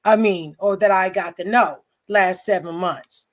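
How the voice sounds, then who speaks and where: A woman's voice: mid-range voice, measured pace. A woman hosting a livestream, ranting angrily and bluntly with profanity and repeated lines. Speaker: livestream host. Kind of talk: heated livestream rant.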